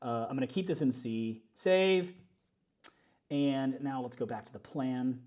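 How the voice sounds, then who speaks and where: A man's voice: mid-range voice, a little slow, a little mellow. A man, a worship leader, chatting casually and upbeat on a livestream while working things out aloud.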